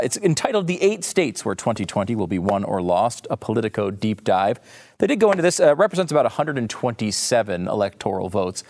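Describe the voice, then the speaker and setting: A man hosting a talk show, chatting casually with jokey, sarcastic asides. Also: mid-range voice. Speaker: podcast host.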